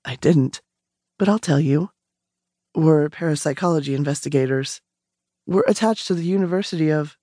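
A woman voicing a calm young male investigator, speaking softly and low, almost whispering. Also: moderate pace, pauses often, no echo, clean studio sound. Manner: soft, low, nearly whispering.

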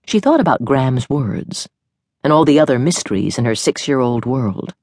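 A woman narrating an audiobook novel in an expressive storytelling manner. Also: a bass voice, moderate pace, no echo, clean studio sound.

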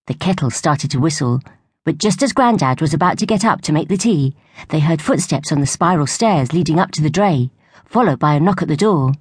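A woman narrating a storybook for young children in a gentle, even way. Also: deep voice, a little fast, husky, dry recording, clean studio sound. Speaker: audiobook narrator.

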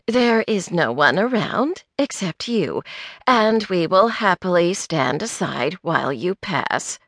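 A woman's voice: on the low side, lively intonation, slow pace, fairly bright tone, dry recording, studio quality, exaggerated voice. A woman voicing a cool, cutting woman who speaks in a sickeningly sweet way. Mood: icy sweet.

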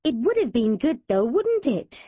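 A woman's voice: fairly high pitch, lively intonation, normal speed, no echo, dull audio, pitched above the performer's own voice, natural voice. A woman voicing Jazz, an eager, gossipy young girl who talks wistfully.

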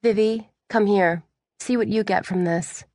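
A woman voicing a calm, steady veterinarian mother who talks in a reassuring way. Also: medium pitch, a little slow, dry recording, clean studio sound, lightly acted.

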